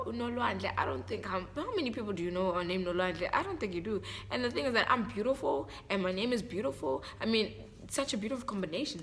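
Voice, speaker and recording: A woman's voice: mid-range voice, lively intonation, fairly quick, few pauses, fairly bright tone, slight background noise. A young woman with a South African accent talking to her viewers in a casual vlog, heartfelt and chatty, often repeating herself. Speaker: vlogger. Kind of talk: casual vlog talk to camera.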